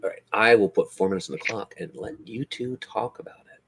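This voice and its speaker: A man running a tabletop role-playing game as game master, lively and encouraging, laughing easily with his players. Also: on the low side, a little fast.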